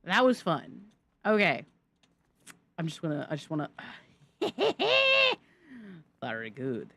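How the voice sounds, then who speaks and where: Young woman streamer, chatty and giggly, lively pitch. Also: normal speed, no echo. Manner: chatty, giggly, thanks chat excitedly. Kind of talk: live gameplay commentary.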